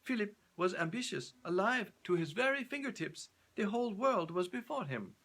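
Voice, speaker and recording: A man's voice: high voice, animated, normal speed, a bit bright, voice pushed up, full character voice. A man doing a vehement proud countess. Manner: emphatic.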